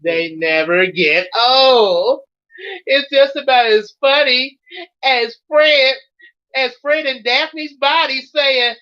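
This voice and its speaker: A man's voice: very high voice, takes it slowly, bright, forceful tone. A man casually reading a story aloud and chatting about it, giggling and rambling as he goes. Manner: giggly, rambling, laughs often. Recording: dull lo-fi recording.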